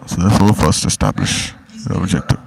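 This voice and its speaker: A man's voice: deep voice, brisk, creaky, husky, low-quality recording. A man giving a devotional discourse, pressing his listeners with repeated rhetorical questions. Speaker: spiritual teacher.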